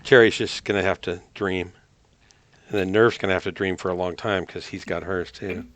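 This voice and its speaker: A man's voice: low-pitched, steady tone, moderate pace. A man hosting a casual gaming live stream, bantering and joking with friends over voice chat. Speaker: streamer host.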